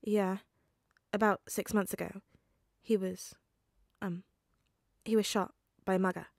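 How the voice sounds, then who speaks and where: A woman's voice: medium pitch, steady tone, measured pace, gravelly, darkish tone, dry recording, studio quality. A woman reading a fan story aloud, voicing a nervous, grieving teenage boy who hesitates and trails off with ums.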